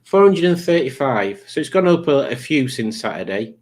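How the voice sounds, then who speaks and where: A man's voice: medium pitch, sing-song, normal speed, darkish tone. A man hosting a casual live stream, rambling and joking as he reads out viewer comments, with plenty of restarts. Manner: rambling, jokey, waffling with many restarts.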